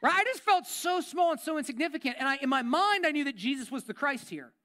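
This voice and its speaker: A man preaching a sermon as a pastor, conversational and emphatic, repeating key phrases and sinking into a low, intense tone. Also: lively intonation, quick pace, pushed and bright.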